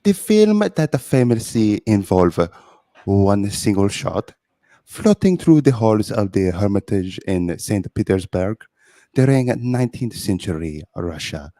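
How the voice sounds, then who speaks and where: A man's voice: fairly low pitch, sing-song, unhurried, mellow, no room sound. A man voicing a pompous male French magazine critic with a put-on French accent, reading a film blurb aloud in mock formality as a comedy bit.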